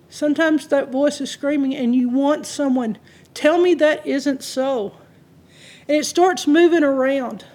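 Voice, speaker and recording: A woman preaching a sermon, driving points home in lists and quick asides. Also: high-pitched, a little mellow.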